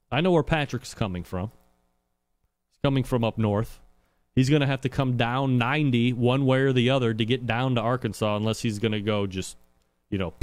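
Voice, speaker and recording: A man's voice: mid-range voice, darkish tone, no echo. A man hosting a live call-in show from his home studio, joking and rambling with lots of "uh"s. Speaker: talk show host. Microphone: studio microphone.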